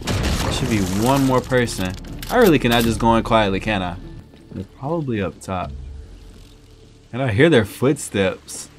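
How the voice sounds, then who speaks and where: A man casually commenting on his own gameplay, chatty and breaking into loud excited yelps. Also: medium pitch, normal speed, long pauses, soft background music. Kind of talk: casual let's-play commentary.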